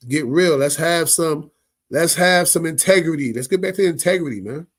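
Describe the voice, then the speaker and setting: Speaking at a normal pace in a slightly high voice, a male show host comments on viral clips in a laid-back, slangy way. He laughs a lot and keeps asking "you know what I mean."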